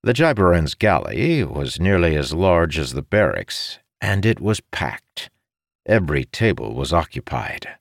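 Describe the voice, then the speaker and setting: A man narrating a fantasy audiobook in a steady, expressive reading. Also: very deep voice, measured pace, vocal fry, dry recording, studio quality.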